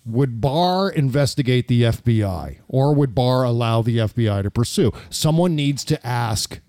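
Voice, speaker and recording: A man's voice: mid-range voice, animated, moderate pace, darkish tone, dry recording, clean studio sound. A man co-hosting a casual political chat, indignant and jokey, with the odd swear word. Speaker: co-host.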